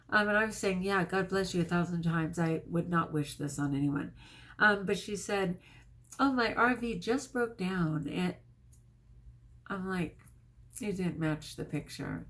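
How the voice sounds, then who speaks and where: Earnest, prayerful woman vlogger. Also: fairly low pitch. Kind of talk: casual storytelling vlog.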